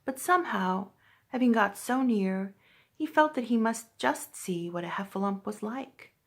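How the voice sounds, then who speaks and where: A woman from a library reading a children's book aloud with lively, expressive storytelling. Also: mid-range voice, unhurried.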